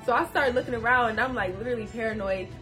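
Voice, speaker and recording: A woman's voice: fairly high pitch, racing, sharp tone, faint music behind. A young woman telling a casual storytime, slangy and talking straight to viewers. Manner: slangy, addresses viewers directly.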